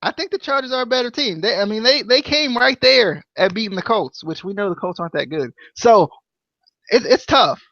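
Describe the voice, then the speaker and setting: Podcast co-host, male, high voice, jokey and animated, muffled dry recording. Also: fairly quick, no room sound. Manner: playful, jokey, sing-song chants. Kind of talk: casual chat, football picks.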